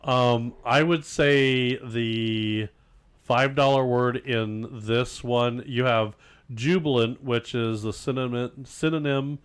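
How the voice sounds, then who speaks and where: A man's voice: medium pitch, steady tone, slow pace, clean tone. A man co-hosting a casual podcast, joking about fancy words and mocking pompous speech. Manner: jokey, mocks pompous speech. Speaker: podcast co-host. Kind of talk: casual chat.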